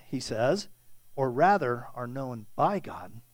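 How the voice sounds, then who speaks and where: A man's voice: mid-range voice, sing-song, slow pace, dry recording. A middle-aged man preaching a conversational Bible sermon as pastor, often checking in with his listeners. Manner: conversational preaching with frequent "okay?" check-ins.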